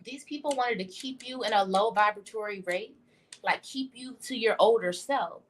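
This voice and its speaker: A woman's voice: fairly high pitch, normal speed, a little hiss or hum. A young woman giving a casual tarot reading on a livestream, blunt and profane as she talks. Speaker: tarot reader. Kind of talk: casual spiritual livestream talk.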